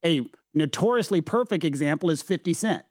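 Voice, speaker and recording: A man's voice: fairly high pitch, animated, fairly quick, a little mellow, dry recording, clean studio sound. A man with a Southern US accent, talking through legal points as a co-host, emphatic and fond of repeating his phrases. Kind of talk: casual legal discussion.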